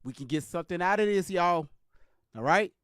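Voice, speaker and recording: A man's voice: sits high, animated, moderate pace, a bit bright, clean tone, no echo, studio quality. Emphatic man talking to his live viewers. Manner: emphatic, repeats himself, keeps addressing viewers directly. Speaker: live stream commentator. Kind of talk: live stream commentary.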